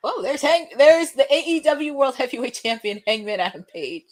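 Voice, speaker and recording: A young woman hosting a live watch-along, chatting and reacting excitedly with frequent laughs. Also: high-pitched, normal speed.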